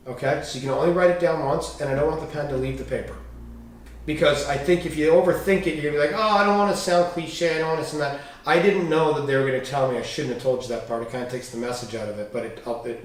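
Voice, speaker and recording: A man's voice: mid-range voice, a little hiss or hum. A man as a podcast guest, telling candid personal stories with swearing and acted-out dialogue. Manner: animated, swearing, acts out quoted dialogue. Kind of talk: candid storytelling interview. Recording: echoey room, distant mic.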